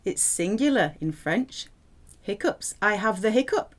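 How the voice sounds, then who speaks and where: A woman teaching a French language lesson, clear and playful as she explains vocabulary. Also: medium pitch, unhurried. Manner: lively, clear teaching delivery with playful asides.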